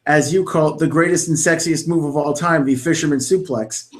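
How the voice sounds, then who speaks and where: A man's voice: a little high, a little fast. A young man co-hosting a podcast, talking in a rambling, enthusiastic way with many restarts. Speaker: podcast co-host. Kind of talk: casual chat about wrestling commentary.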